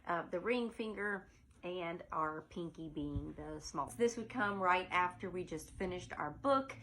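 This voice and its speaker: A middle-aged preschool teacher with a drawl talks through a classroom song in a lowish voice. She demonstrates it playfully, switching into silly character voices. A faint room hum sits behind her. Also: animated, measured pace, fairly bright tone, low-quality recording.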